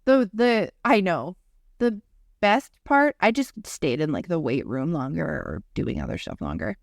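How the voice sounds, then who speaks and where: A woman in her twenties telling school mishap stories in relaxed podcast chat. She acts out the voices in her quotes and swears offhandedly. The sound is dry and close. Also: sits low, measured pace, gravelly, no room sound. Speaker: podcast co-host. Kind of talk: casual chat, storytelling.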